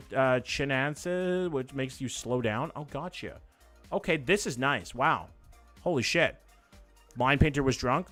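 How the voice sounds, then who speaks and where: Bright-voiced profane streamer. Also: male voice, fairly high pitch. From Canada. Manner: loose, profane, joking, reacts out loud to what he sees. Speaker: livestream host. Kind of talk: live reaction stream, casual chat.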